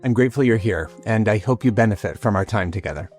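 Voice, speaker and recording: A man hosting a podcast, reading scripted reflections in a measured, lightly humorous way. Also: lowish voice, darkish tone, faint music behind. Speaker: podcast host, rabbi.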